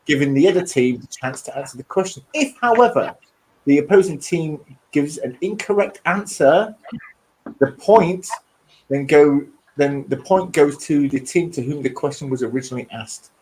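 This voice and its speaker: A man with a slightly higher voice hosts a relaxed online quiz. He explains the rules and reads each question aloud, throwing in light jokes between them. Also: moderate pace, slight background noise, low-quality recording. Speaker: quiz host. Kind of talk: hosting a casual online quiz.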